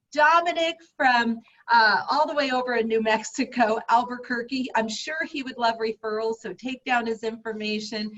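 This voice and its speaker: A woman hosting an upbeat podcast interview in a fairly high voice. She talks in an effusive, encouraging way and keeps praising her guests. The audio is dull and lo-fi. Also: fairly bright tone. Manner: effusive, encouraging, lots of "I love it". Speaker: podcast host.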